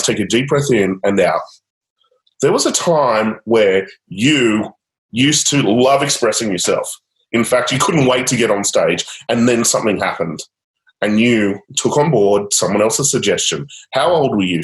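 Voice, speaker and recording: A man guiding a client through a coaching session, upbeat and encouraging, with casual fillers. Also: medium pitch. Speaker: change coach. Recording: roomy echo.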